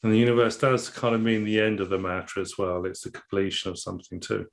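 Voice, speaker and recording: A man teaching about a tarot card in casual discussion, thinking aloud with restarts and reading verse lines out slowly. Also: on the low side, steady tone, vocal fry.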